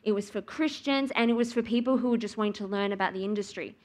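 A woman's voice: mid-range voice, fast talker. Woman telling a story at church. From Australia. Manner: animated storytelling, acts out her own reactions. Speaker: speaker at church. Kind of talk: sermon with personal story.

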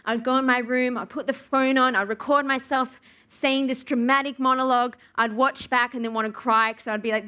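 Young aussie woman preaching, bit high voice, animated storytelling, does her own reactions. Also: moderate pace, hardly any pauses. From Australia. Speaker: speaker at church. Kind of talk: sermon with personal story.

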